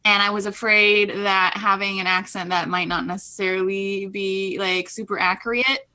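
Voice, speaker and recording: A woman's voice: medium pitch, flat delivery, bright, forceful tone, smooth. A woman playing in a tabletop game, chatting candidly and laughing readily. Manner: candid, playful, quick to laugh. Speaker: player. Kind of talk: casual chat around a tabletop game.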